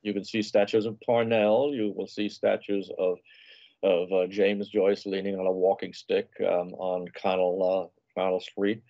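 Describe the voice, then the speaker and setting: A man with a low, mellow voice chats unhurriedly as an interview guest, spinning anecdotal travel tales. The sound is dull and lo-fi, like remote call audio. The room gives it a dry, close feel. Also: flat delivery, unhurried, no room sound. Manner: leisurely, anecdotal storytelling. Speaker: food and travel writer guest. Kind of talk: conversational interview.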